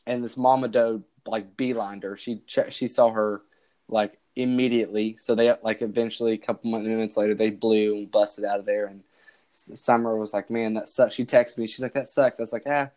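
A man's voice: lowish voice, steady tone, brisk, a little mellow. Rambling man telling a hunting story. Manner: rambling, many restarts and quoted dialogue. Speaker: podcast host. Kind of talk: casual storytelling chat.

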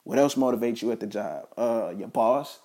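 A man's voice: medium pitch, normal speed, dark tone. Man giving a casual motivational talk. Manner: repetitive, stumbling restarts, preachy asides.

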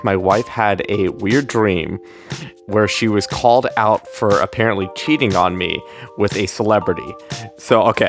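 A young man co-hosting a podcast in casual, joking chat, laughing often. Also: lowish voice. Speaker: podcast co-host.

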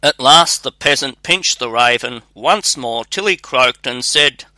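A man narrating a fairy tale in a measured, even read-aloud manner. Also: mid-range voice, no echo. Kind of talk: storybook narration.

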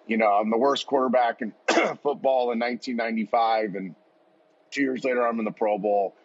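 A man's voice: medium pitch, steady tone, fairly quick, breathy edge. A man in his forties, a podcast guest, telling a heartfelt personal story in an earnest, rambling way with many restarts. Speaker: podcast guest, football coach. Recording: dull lo-fi audio.

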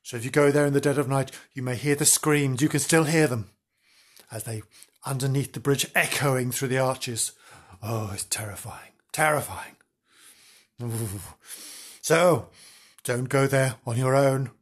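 A man telling a ghost story in a theatrical, hammy way, sinking to hushed whispers for the spooky parts. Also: medium pitch, steady tone, moderate pace. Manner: theatrical, hammy, booing and hissing at villains. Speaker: storyteller and show host.

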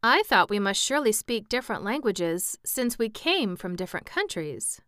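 A woman voicing an earnest, slow-witted male pumpkin-headed wooden man in a storybook reading. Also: medium pitch, very animated, fairly bright tone, dry recording, studio quality, voice pushed up.

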